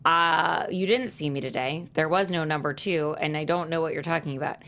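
A woman's voice: deep voice, a little fast. Chatty woman telling a dating story. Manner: animated storyteller, acts out texts in quotes. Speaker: podcast co-host. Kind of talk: casual chat and storytelling.

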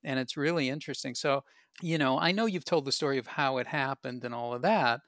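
A man's voice: a little high, no room sound, studio quality. A man hosting a casual conversation, speaking reflectively in loose, rambling phrases. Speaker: host.

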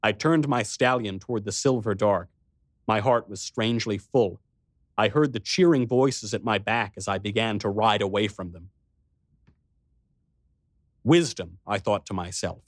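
A man reading a first-person adventure story aloud with expressive storytelling. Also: fairly low pitch, normal speed, dry recording, studio quality. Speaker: narrator. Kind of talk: first-person audiobook narration.

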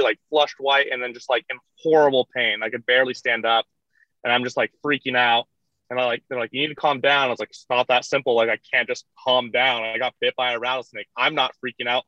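Young male guest, chatty, says "like" constantly, bright tense tone, dry and slightly muffled recording. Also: mid-range voice, no room sound. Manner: rambling, heavy use of "like", laughs through retellings. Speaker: podcast guest, kayaker. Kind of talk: casual storytelling. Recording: dull lo-fi dry sound.

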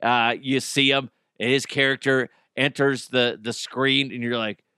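A man's voice: medium pitch, level tone, measured pace, bright, forceful tone, clear, resonant tone, no echo, clean studio sound. A man hosting a podcast on his own, riffing casually with jokes and swearing. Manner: jokey, profane, riffing, reads live ad. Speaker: podcast host. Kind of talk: casual solo podcast talk.

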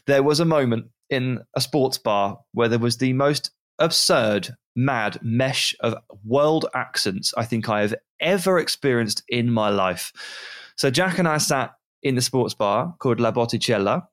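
Man telling a lively story. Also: medium pitch, a little slow. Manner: animated anecdote telling, mimics voices in quotes. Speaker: podcast co-host. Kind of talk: casual storytelling chat.

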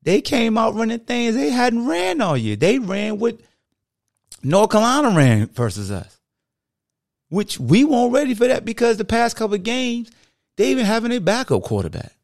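A man's voice: very high voice, huge pitch swings, normal speed, vocal fry, darkish tone, no room sound, clean studio sound. A man hosting a podcast, talking casually into a microphone and acting out what fans say to him. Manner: conversational, acts out quoted fans. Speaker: podcast host.

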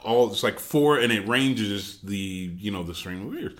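A man telling a long story in casual chat, animated, with frequent fillers and restarts. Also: fairly low pitch, measured pace. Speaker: podcast storyteller.

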